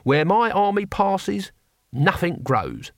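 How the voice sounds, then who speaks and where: A man's voice: sits high, very animated, slow, no room sound, studio quality, voice pushed up, exaggerated voice. Cohen, a man doing a brash old barbarian. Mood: boastful. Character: old male barbarian warlord, boastful and blunt.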